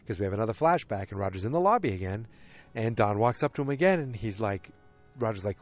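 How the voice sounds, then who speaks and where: A man with a somewhat low voice, hosting a solo podcast. He rambles through his recap and restarts sentences often. He livens up whenever he retells a scene. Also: fast talker, faint music behind. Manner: rambling, frequent self-corrections and restarts; animated when retelling scenes. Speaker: podcast host. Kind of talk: casual solo episode recap.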